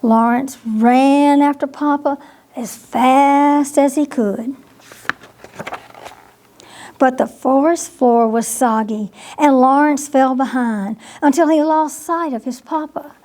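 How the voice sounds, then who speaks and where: A woman librarian reading a bedtime picture book aloud to children, gently, pausing to ask them questions. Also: sits high. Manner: slow, gentle, asks the listeners questions.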